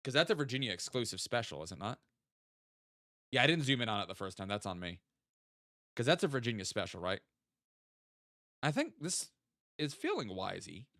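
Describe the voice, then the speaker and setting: A man's voice: medium pitch, sing-song, normal speed, long pauses, pushed and bright, no room sound, clean studio sound. A young man casually thinking aloud and joking while streaming a geography guessing game. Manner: chatty, thinks aloud, jokey asides. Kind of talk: casual gaming stream chat.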